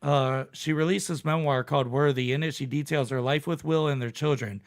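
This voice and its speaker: A man's voice: fairly high pitch, fairly even intonation, brisk. A man hosting a podcast, telling a story in casual, profane chat. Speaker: podcast host.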